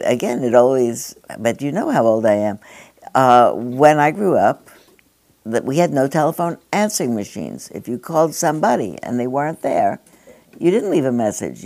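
A woman's voice: very deep voice, vocal fry, mellow. An older woman giving a reflective spoken address to a gathering, rambling and digressive, with conversational asides.

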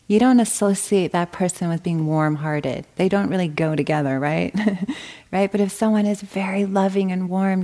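A woman meditation teacher giving a gentle dharma talk, often checking in with a soft "right?". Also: mid-range voice, moderate pace.

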